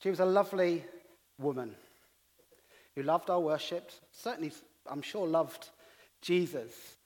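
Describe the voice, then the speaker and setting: A man's voice: a little high, unhurried, a little mellow. A middle-aged English man preaching as a pastor, telling stories with self-deprecating humour. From England. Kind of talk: sermon. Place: church hall. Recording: long reverb of a church hall.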